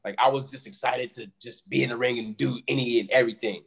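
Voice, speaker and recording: A man's voice: medium pitch, steady tone, fast talker, gravelly. A man from Illinois, a pro wrestler, chatting casually as a podcast guest and laughing often.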